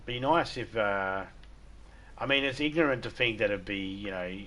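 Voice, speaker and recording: Streaming a game, an Australian man rambles along with jokes in a casual, irreverent chat. His voice is fairly low in pitch and a bit bright.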